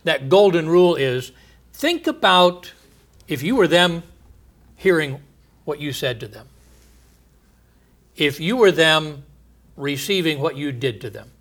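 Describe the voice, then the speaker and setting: A man preaching a sermon in an earnest teaching manner, posing rhetorical questions and pausing for emphasis. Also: fairly high pitch, animated, a bit bright.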